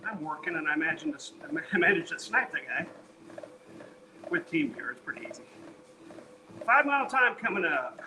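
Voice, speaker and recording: A man with a fairly high voice talks casually on a live stream while walking on a treadmill. He sounds tired and sweaty, reads viewers' messages aloud and banters between workout numbers. A steady background noise runs under his voice. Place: home, on a treadmill.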